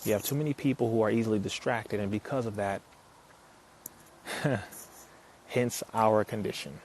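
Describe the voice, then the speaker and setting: A man giving an impassioned talk to an audience, preacherly and forceful, firing rhetorical questions and rising to emphatic peaks. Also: lowish voice, moderate pace, a little hiss or hum. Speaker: speaker addressing an audience.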